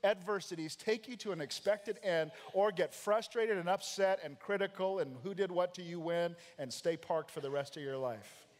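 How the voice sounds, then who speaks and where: Man, American accent, pastor, high voice, emphatic sermon, long church reverb. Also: moderate pace, few pauses. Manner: emphatic preacher, acts out quoted lines. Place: church sanctuary.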